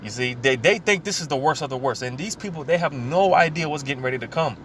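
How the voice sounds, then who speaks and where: A man preaching informally, reading scripture aloud slowly and talking casually, often saying "man" and "you know" between thoughts. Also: a little high, animated, fairly bright tone, a little hiss or hum. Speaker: scripture teacher.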